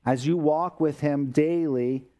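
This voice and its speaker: A man's voice: on the high side, a little slow, warm tone. A man preaching a sermon as a pastor, explaining scripture in a conversational way with everyday asides.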